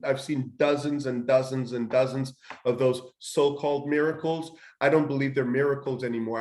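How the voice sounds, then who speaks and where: A man's voice: medium pitch, darkish tone. A man leading a guided healing workshop, walking listeners through each step with repeated phrases and frequent restarts. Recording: echoey room.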